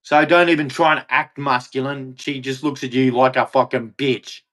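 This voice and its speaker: A man's voice: medium pitch, steady tone, moderate pace, a bit bright. An Australian man delivering a bitter, profane, repetitive rant as a vlogger. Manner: bitter, profane, repeats himself. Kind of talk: angry ranting monologue.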